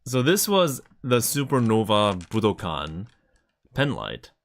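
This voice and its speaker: A man's voice: fairly low pitch, big pitch swings, slow. A man chatting casually on a live stream, enthusiastically showing items to the camera.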